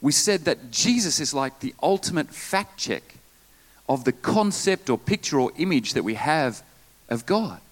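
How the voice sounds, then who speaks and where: A man preaching a sermon in church, lively, with asides and jokes to the congregation. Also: on the high side, measured pace. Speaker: pastor.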